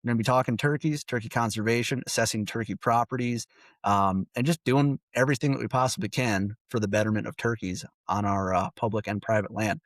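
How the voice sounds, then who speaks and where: Podcast host, adult male, lowish voice, keen and upbeat, dry close sound. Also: steady tone, brisk, no echo. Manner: upbeat, enthusiastic. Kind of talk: casual podcast chat.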